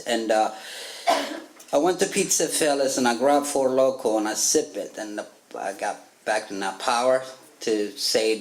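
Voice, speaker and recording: A man from Africa with an African accent, giving a personal testimony at a recovery meeting, telling his story with frequent laughs and acted-out quotes. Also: medium pitch. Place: meeting room. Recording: echoey room with faint ambience.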